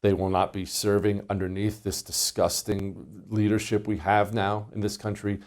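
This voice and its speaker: A man's voice: lowish voice, level tone, normal speed, a little mellow. A middle-aged man hosting a political talk show, speaking in an emphatic, indignant commentary monologue. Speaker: radio show host.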